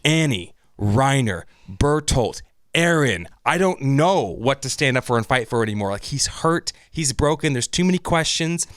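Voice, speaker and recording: A man's voice: mid-range voice, normal speed, no echo. A man co-hosting a casual anime podcast, joking around and acting out what characters say in mid-range voice. His voice sits close and dry on the mic, with no room sound. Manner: joking, animated, acts out character lines. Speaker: podcast co-host. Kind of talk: casual anime recap chat.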